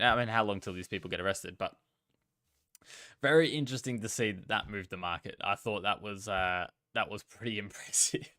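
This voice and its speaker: A man's voice: lowish voice, pushed and bright, no room sound, studio quality. Chatty man hosting a trading livestream. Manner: chatty, reads out viewer names and talks to chat. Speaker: livestream host. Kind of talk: casual live-stream market commentary.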